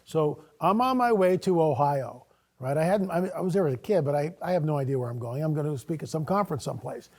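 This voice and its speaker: A man guest on a talk show, telling a personal story in a casual, animated way and acting out his own dialogue. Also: a little high, fast talker. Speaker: guest speaker.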